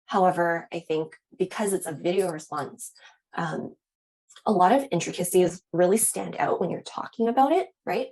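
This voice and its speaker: A woman's voice: fairly low pitch, moderate pace, a little mellow, poor audio. A young woman instructor coaching students on admissions interviews, in a casual style with frequent fillers and tag questions. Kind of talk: teaching admissions interview skills.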